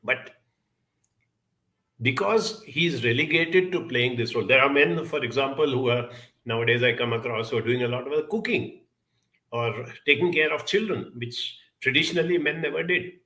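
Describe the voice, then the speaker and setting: Earnest gravelly man giving a talk. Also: mid-range voice, normal speed, sharp tone. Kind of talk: reflective storytelling talk.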